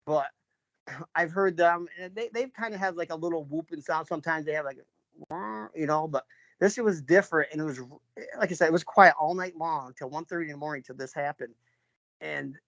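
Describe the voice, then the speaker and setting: A rambling New York man, a father being interviewed, recounts an encounter in casual spoken storytelling, with many fillers, restarts and frequent throat clearing. His voice is a little high and a bit bright, with no room sound, in a dull lo-fi recording.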